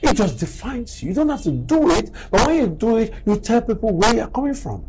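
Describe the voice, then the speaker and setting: His voice sits high and moves a little fast over background noise: a middle-aged man delivering a motivational talk as a doctor. Animated in his storytelling, he dramatizes quoted exchanges and fires rhetorical questions one after another.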